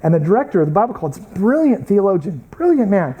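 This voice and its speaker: Here a U.S. Bible college instructor lectures by storytelling and performing the quoted people. His dark voice sits high with big pitch swings, he talks quickly, and the audio is poor.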